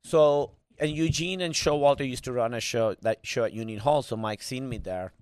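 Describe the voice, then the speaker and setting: Brief: male comedian guest from Pakistan, loose rambling storyteller, mid-pitched, dry close sound. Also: normal speed, darkish tone, clear, resonant tone, dry recording. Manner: rambling storytelling with restarts and fillers. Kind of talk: casual podcast interview.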